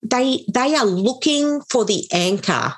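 A woman, a prophetic minister and choir leader, telling lively stories as a podcast guest. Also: fairly high pitch, a little slow, husky. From Australia. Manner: animated storyteller, acts out quoted voices. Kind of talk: storytelling in a podcast interview.

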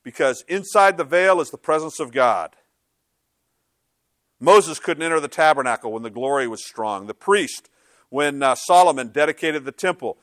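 A man's voice: on the high side, a bit bright, dry recording, clean studio sound. A male pastor preaching a sermon in a conversational, emphatic way, with frequent rhetorical questions.

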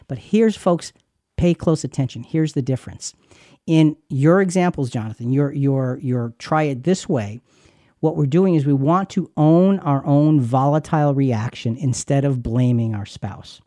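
A man's voice: fairly high pitch, moderate pace, mellow, dry recording. Emphatic preacherly man, dry studio. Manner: emphatic, preacherly, repeats words. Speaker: Christian radio co-host. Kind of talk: scripted marriage teaching.

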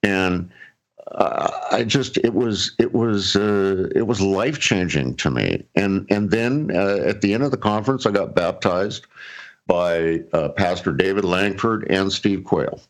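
A man's voice: sits low, measured pace. A middle-aged man casually telling a personal story, rambling with fillers and restarts and chuckling often. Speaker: guest telling his story.

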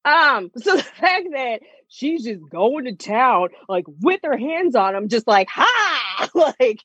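Animated woman chatting with lots of laughter. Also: a little high, takes it slowly, slightly rough, no echo, lo-fi sound. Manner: animated, laughs often, acts out quotes in voices. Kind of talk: casual chat reviewing a TV series.

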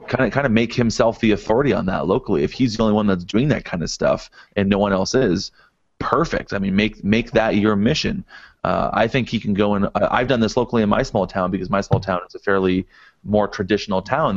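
A man's voice: low voice, creaky, no room sound. A man co-hosting a podcast and giving earnest advice in a casual way, often restarting his sentences. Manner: earnest, advisory, many restarts. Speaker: podcast co-host. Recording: dry, dull lo-fi audio.

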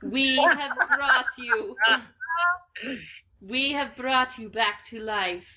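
Woman playing desert sand spirits, slow declaiming, bright, raised pitch. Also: heavily acted, low-quality recording. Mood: mystical.

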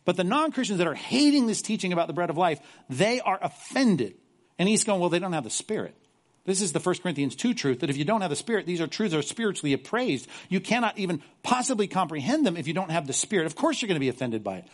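A male pastor preaching a sermon, animated and sarcastic, mocking apologetic voices as he makes his point. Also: high voice, fast talker.

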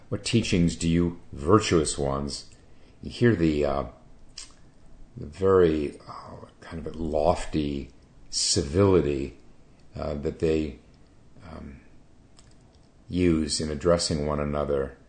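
Very deep-voiced, halting Zen teacher. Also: male voice, darkish tone. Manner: halting, many hesitations and restarts. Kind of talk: dharma talk.

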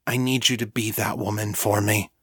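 A man voicing a tender, brave young man in an audiobook, speaking softly and reassuringly. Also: on the low side, level tone, normal speed, slightly rough, no echo, clean studio sound.

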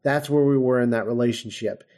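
A man's voice: mid-range voice, fairly even intonation, fairly quick, darkish tone. A man co-hosting a casual podcast chat, talking in an enthusiastic, emphatic way. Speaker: podcast co-host.

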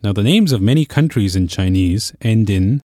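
A man's voice: on the low side, animated, moderate pace, warm tone, dry recording, clean studio sound. A man teaching a podcast language lesson, explaining patiently step by step.

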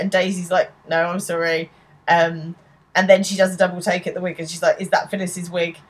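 A woman with a fairly low voice chats on a podcast, retelling a TV episode with her co-host. She talks loosely, trailing off and restarting her thoughts. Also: flat delivery, a little fast. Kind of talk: casual chat.

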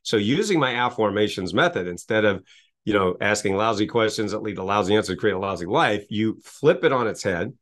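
A man's voice: lowish voice, lively intonation, fairly quick, a bit bright. A middle-aged man, a business coach, speaking energetically in an interview with a repetitive motivational cadence and frequent rhetorical questions.

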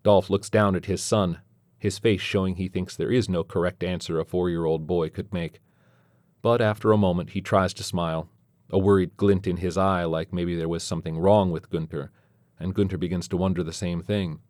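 A man reading a story aloud as narrator, keeping a steady storytelling pace with brief voiced quotes. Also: deep voice, normal speed, no echo, clean studio sound. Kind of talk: scripted narration.

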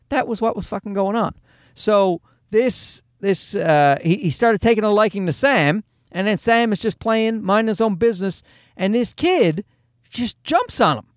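A man's voice: sits high, no room sound, studio quality. A man, telling a personal story in a heated, casual ranting way. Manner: heated, ranting, quotes others in his own voice.

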